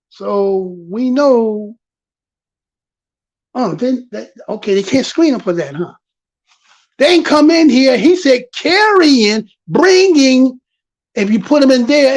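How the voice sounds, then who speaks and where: A man giving casual vlog commentary on news clips, animated, repeating himself and firing off rhetorical questions. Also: extremely high pitch, creaky.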